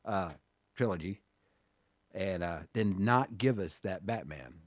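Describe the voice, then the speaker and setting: Low-voiced man, lively casual podcast talk. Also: slow pace. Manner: rambling, restarts a lot, laughs easily. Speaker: podcast co-host. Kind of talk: casual chat.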